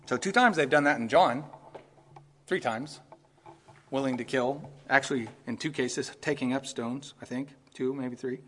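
A pastor delivering a sermon, animated and emphatic, laughing now and then as he preaches. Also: medium pitch, moderate pace, a little hiss or hum. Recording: hall reverb.

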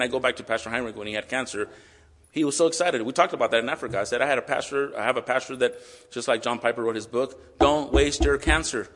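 Male pastor giving an emotional sermon in a big echoey church, middle-pitched voice. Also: a bit bright. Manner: earnest, emotional preaching, reads scripture slowly. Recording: long hall reverb.

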